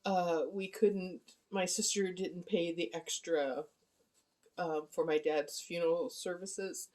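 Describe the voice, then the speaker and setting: A middle-aged woman with a deep, low voice talks into a handheld phone camera at home. She speaks softly and haltingly, pausing on ums and apologizing often, in a casual personal update. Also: fairly even intonation. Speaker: vlogger giving a personal update. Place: at home, indoor living room.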